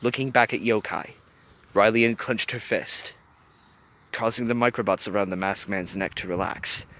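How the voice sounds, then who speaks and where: A man reading a fan fiction story aloud with animated storytelling. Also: on the low side, moderate pace. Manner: animated storytelling, varied voices. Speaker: reader.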